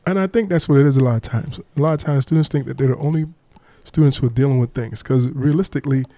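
A man's voice: medium pitch, fast talker, warm tone, dry recording. A man hosting a casual podcast, playful and laid-back, often repeating himself. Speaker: podcast host.

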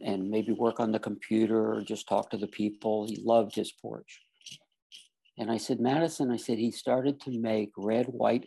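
A man with a fairly low, gravelly voice and a husky edge tells a personal story in an easy, conversational way. He slips into the other people's lines as he recounts them, staying earnest throughout. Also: warm tone. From Florida. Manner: earnest storyteller, acts out quoted dialogue. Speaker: guest telling a personal story. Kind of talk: casual storytelling.

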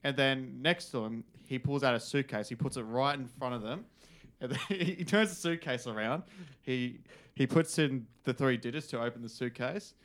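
Brief: New man, mid pitch, halting casual storyteller. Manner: hesitant, many ums and restarts.

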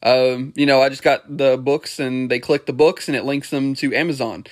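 A young man hosts a relaxed talk show, speaking in a friendly, chatty way. He laughs easily and keeps the talk flowing. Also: mid-range voice, moderate pace. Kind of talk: casual conversation.

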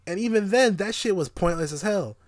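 Profane, animated man ranting about movies. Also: high voice, a little fast, dry recording, clean studio sound. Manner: animated, profane, laughing often. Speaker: podcast co-host. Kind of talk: casual movie review chat.

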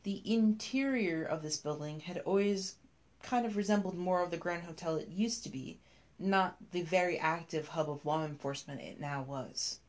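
A woman reading a scripted story aloud, telling it in a measured, even way. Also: on the low side.

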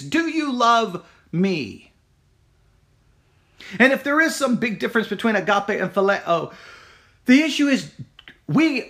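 A man giving a devotional sermon, earnest and searching, repeating his questions slowly. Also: high-pitched, a bit bright. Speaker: pastor.

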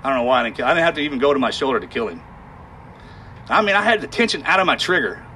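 Man recounting a harrowing ordeal haltingly. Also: mid-range voice, very animated, bright, forceful tone, slight background noise. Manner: halting, emotional, with sighs and restarts. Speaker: guest telling a war story. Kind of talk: candid storytelling in conversation.

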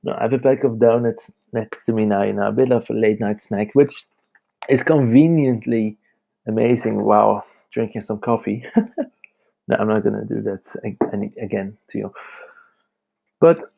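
A young man talking on his own podcast late at night from home, with a gravelly, dark-toned voice. He rambles from thought to thought in a loose, chatty way and laughs between sentences. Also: lowish voice, fairly even intonation, moderate pace. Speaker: podcast host. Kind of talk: casual late-night monologue.

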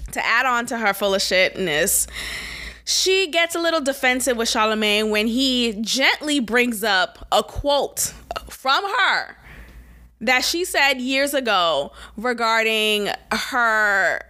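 A woman hosting her own podcast, giving blunt, sassy commentary with sudden emphatic jumps in pitch. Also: sharp tone. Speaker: podcast host. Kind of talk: casual opinion commentary.

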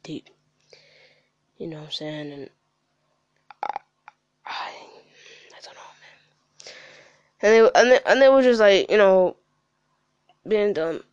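A man's voice: fairly high pitch, normal speed, pauses often, no room sound, muffled recording. A young man on a podcast, rambling and frustrated, swearing a lot in heavy slang. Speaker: podcast guest. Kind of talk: candid podcast chat. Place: studio.

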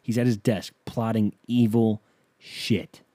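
A man's voice: fairly low pitch, steady tone, slow, warm tone, dry recording. A man hosting a comedy podcast, reading a biography aloud and riffing on it in an irreverent, sarcastic, profane way. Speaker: podcast host.

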